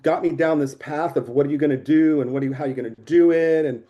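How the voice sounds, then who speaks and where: A man in his sixties telling stories of his career as a photographer in a casual interview, lively, swearing, acting out the people he quotes. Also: fairly high pitch, quick pace, highs cut off. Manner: animated, swearing storyteller who acts out quotes. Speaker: photographer guest.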